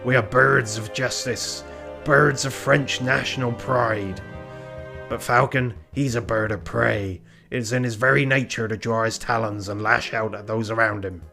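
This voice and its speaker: A man voicing a stern male rooster police inspector with a pirate voice, speaking slowly and gravely. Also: medium pitch, steady tone, bright, forceful tone, soft background music.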